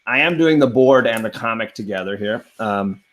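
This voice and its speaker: A man's voice: on the low side, expressive, moderate pace, fairly bright tone. A man hosting a casual chat, talking enthusiastically and restarting his sentences a lot. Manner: enthusiastic, rambling, frequent restarts. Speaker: host.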